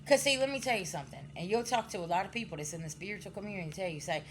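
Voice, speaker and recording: A woman talking straight to her viewers during a spiritual reading, at a mid pitch for a woman. She scolds bluntly, swears without holding back, and keeps checking in with her listeners. A faint hum of noise sits under her voice. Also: expressive, racing, few pauses, a bit bright. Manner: addresses viewers directly, frequent "okay?" checks. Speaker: spiritual card reader. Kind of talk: casual spiritual reading to camera.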